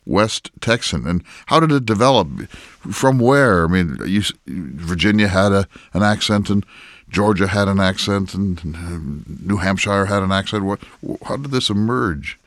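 An elderly early American statesman, scholarly and curious, as a man portrays him. He speaks low and measured, weighing his words with small restarts. The sound is close and dry. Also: lively intonation, fairly bright tone, no room sound. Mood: inquisitive. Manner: measured, inquisitive, many restarts. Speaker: historical interpreter. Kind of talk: in-character public dialogue. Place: barn.

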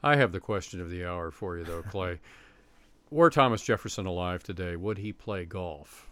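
Very low-voiced male co-host on a talk radio show, playful and quick to laugh. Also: fairly bright tone, no room sound. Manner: joking, laughs easily.

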